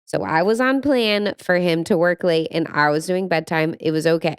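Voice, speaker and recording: Smooth-voiced woman telling a story on a podcast. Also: on the low side, normal speed, no echo, clean studio sound. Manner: expressive storyteller, laughs easily. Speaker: podcast co-host. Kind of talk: casual chat.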